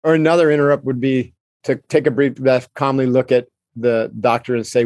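A man hosting a podcast, calmly explaining techniques for staying in control and acting out quoted lines as he coaches. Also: mid-range voice, brisk, no room sound. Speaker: podcast host answering listener questions. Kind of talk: calm explanatory advice talk.

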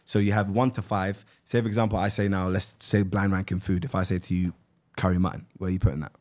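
A man's voice: low-pitched, fairly even intonation, fast talker, darkish tone. A man with an English accent hosting a casual interview, chatty and loose, with lots of fillers and restarts. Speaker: host.

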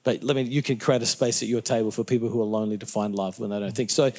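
A middle-aged man from Australia with an Australian accent, a pastor answering interview questions in an animated, preacherly way, often restarting sentences and laughing at his own jokes. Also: lowish voice, fast talker. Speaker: pastor, guest.

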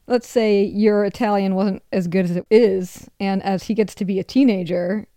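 A woman co-hosts a podcast, asking curious follow-up questions. Her voice is mellow and smooth, and the recording is dry and close. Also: medium pitch, fairly even intonation, normal speed, no echo. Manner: curious, asks probing questions. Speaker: podcast co-host. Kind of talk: casual conversation.

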